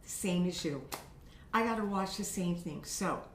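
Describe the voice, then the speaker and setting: A woman's voice: fairly low pitch, moderate pace, far from the mic, slight background noise. Chatty woman vocal coach in a roomy space. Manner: chatty and encouraging, frequent "okay?" check-ins. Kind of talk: instructional talk to camera. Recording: roomy echo.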